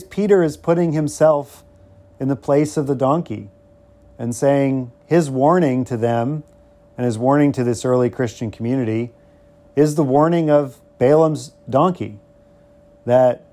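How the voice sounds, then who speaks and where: A man's voice: medium pitch, warm tone. A man teaching through a Bible passage on a podcast, musing and hesitant with many ums and wry asides.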